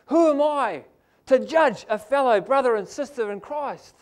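A man's voice: very high voice, expressive, unhurried. A man with a New Zealand accent preaching a sermon in a church, emphatic and asking the congregation "amen?".

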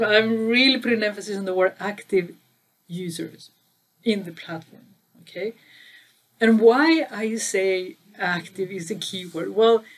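A woman with a mid-range, slightly rough voice explains business metrics to the camera in a casual explainer video. She's the channel host and a data trainer, speaking conversationally, stressing key words and putting questions to viewers.

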